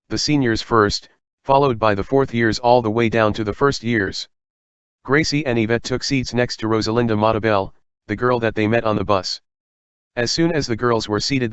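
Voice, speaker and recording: Man, audiobook narrator; steady even read, dry muffled sound. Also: medium pitch, clean tone, no room sound.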